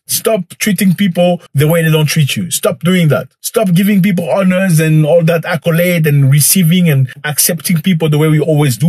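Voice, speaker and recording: A man's voice: medium pitch, darkish tone, slightly rough, no echo. A man giving emphatic reaction commentary, repeating phrases for effect as he addresses his viewers. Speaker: commentator reacting to a news clip. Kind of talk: direct-to-camera commentary.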